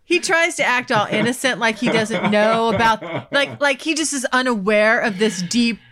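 A woman's voice: on the high side, lively intonation, normal speed, crowd noise. A woman hosting a podcast, chatting frankly and teasingly and laughing often. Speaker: podcast host. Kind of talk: casual chat.

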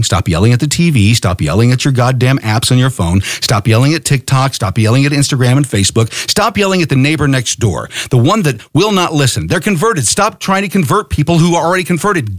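A man's voice: medium pitch, dry recording, clean studio sound. A middle-aged American man hosting a podcast, delivering a fiery, profane political monologue that urges listeners to act. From United States. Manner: fiery, profane, rallying exhortation. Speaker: podcast host.

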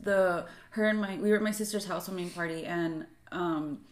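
A woman's voice: fairly low pitch, a little fast. A young woman co-hosting a podcast, telling a long story in casual chat with lots of fillers. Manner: animated storytelling with frequent fillers. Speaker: podcast co-host. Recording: echoey room.

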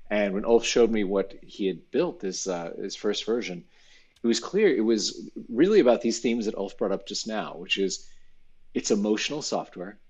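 A man speaking as a startup cofounder in an interview, relaxed and reflective. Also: on the low side, moderate pace, breathy edge. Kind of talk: casual interview talk.

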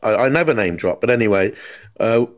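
A man, hosting a podcast and telling lively anecdotes in casual chat. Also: fairly low pitch, fairly quick. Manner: animated anecdote teller, mimics callers. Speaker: podcast host.

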